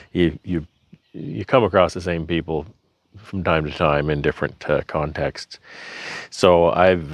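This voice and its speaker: Earnest beekeeping man, deep voice, chatty vlog delivery. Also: dry recording. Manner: rambling, earnest, frequent fillers and restarts. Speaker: beekeeper vlogger. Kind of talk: casual talk to camera. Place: honey house.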